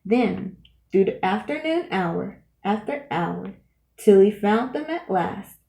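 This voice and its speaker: A woman reading a rhyming children's book aloud in a lively, sing-song way. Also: medium pitch, slow, creaky. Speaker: storyteller. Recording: roomy echo.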